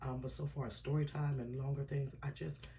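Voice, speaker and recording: A man gives his followers a heartfelt vlog update. His voice is gravelly and hoarse from a tired throat. A faint hiss sits under the recording. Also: medium pitch, flat delivery, fairly quick, warm tone. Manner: earnest, personal and emotional, drops to a whisper at times. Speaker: YouTuber.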